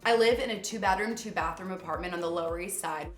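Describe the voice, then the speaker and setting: She's an upbeat, bubbly New Yorker in her twenties, producing and hosting a home tour vlog from her own apartment. Her voice runs on the low side and she talks quickly. Faint music and room echo are audible.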